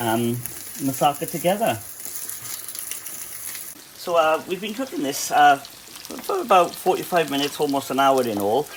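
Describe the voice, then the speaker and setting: A man's voice: medium pitch, a little hiss or hum, poor audio. A man with a Welsh accent who cooks at a cafe, talking through a recipe in his home kitchen in a chatty way, with fillers and asides. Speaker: cafe cook hosting a cooking tutorial. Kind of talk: casual cooking demonstration.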